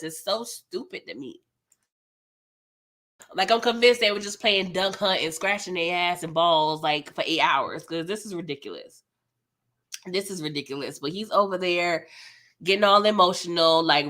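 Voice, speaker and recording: A young woman hosting a live TV episode recap, animated and slangy, laughing often as she reacts. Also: medium pitch. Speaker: TV recap host.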